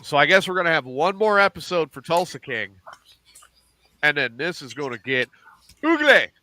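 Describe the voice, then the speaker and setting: A middle-aged man hosting a casual podcast, animated and profane, acting out lines as he recaps TV shows. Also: a little high, normal speed. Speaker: podcast host.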